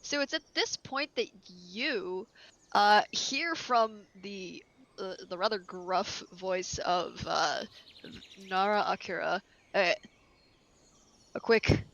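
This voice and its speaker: A woman's voice: mid-range voice, slow, a bit bright, dull audio. A woman narrating as game master of a tabletop role-play, rambling with many fillers and easy laughs.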